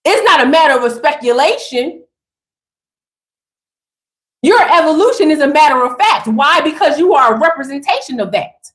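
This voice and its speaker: A woman's voice: high-pitched, lively intonation, normal speed, pauses often, fairly bright tone, echoey room. A woman giving an emphatic, sassy motivational spiritual talk straight to her listeners.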